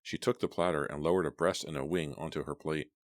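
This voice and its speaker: A man narrating a horror novel as an audiobook, steady and deliberate. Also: very deep voice, dry recording, studio quality.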